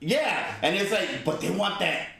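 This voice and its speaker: Man, comedy podcast co-host, higher voice, animated, big echoey room with voices behind. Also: gravelly. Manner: animated, talks in rushes, says "bro" a lot. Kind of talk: casual podcast chat. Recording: echoey room with others around.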